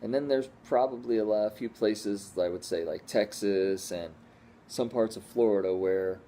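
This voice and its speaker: A man with a low, warm voice talks casually at home for his vlog. He rambles easily from one thought to the next and often restarts his sentences. A faint hiss sits under the recording. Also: measured pace. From Northeastern United States. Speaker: squirrel rehabber vlogger.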